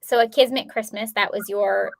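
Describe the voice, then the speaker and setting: A woman's voice: medium pitch, steady tone, normal speed, gravelly, no echo. Female co-host, inquisitive, casual chat, dry recording. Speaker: podcast co-host.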